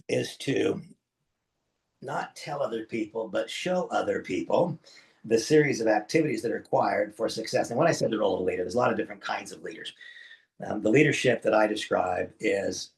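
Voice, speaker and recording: A man with a low, gravelly voice leads an online business training session. He speaks in an emphatic, preacherly way and talks straight to his audience as folks. His pitch and loudness jump suddenly for emphasis. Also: expressive, fairly quick. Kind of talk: live online training talk.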